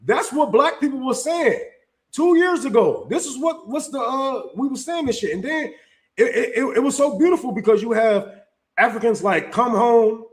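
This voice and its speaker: A man's voice: extremely high pitch, animated, normal speed. A man hosting a casual opinion livestream, talking in a heated, profane, emphatic way with frequent restarts. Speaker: livestream host. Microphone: streaming setup mic.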